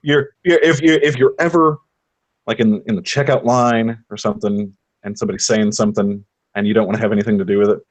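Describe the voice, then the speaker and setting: A man's voice: lowish voice, fast talker, rough recording. A man on a podcast panel chatting casually, rambling and restarting as he tells stories. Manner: rambling, many restarts, animated storytelling. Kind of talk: casual chat.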